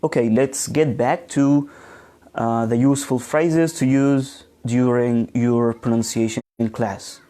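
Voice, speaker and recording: A man leads a live online lesson on pronunciation, reading viewer comments aloud as he goes. He talks slowly, pausing often with ums and false starts. His voice is mellow and dark. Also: mid-range voice, steady tone. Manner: slow, with frequent ums and restarts, reads out viewer comments. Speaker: English teacher trainer. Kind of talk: live online teaching session.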